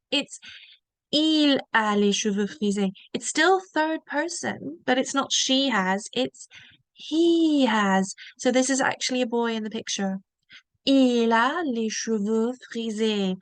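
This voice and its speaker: A woman teaching a beginner French lesson, modelling each word slowly and asking learners to repeat it. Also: on the high side, dry recording. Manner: slow, drawn-out modelling of each word for repetition.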